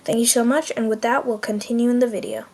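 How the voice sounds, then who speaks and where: A young woman giving a casual video lesson, chatty and upbeat, slowing right down to repeat phrases. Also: fairly high pitch, steady tone, darkish tone. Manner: chatty and upbeat, with frequent restarts and slow spelled-out repetitions. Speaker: language learner teaching beginner phrases.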